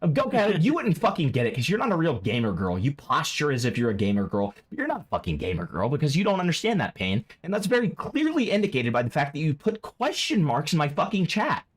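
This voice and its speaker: A man streaming live, reacting to clips with profane, excitable commentary that jumps into loud, high outbursts. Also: fast talker, few pauses, slightly rough.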